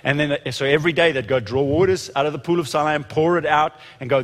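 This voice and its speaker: A man delivering a lively sermon, his voice sitting a little high for a man. He stumbles and restarts, then surges into loud emphatic stretches. The sound carries a long reverb, as from a large hall. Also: fast talker. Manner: animated, rising to shouts when quoting, frequent restarts. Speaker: preacher.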